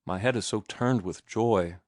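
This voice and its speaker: A man voicing an ardent young man in love, speaking earnestly and gently in a low voice. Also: a little slow, dry recording, clean studio sound, lightly acted. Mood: ardent, tender. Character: ardent young sailor-turned-writer, passionate.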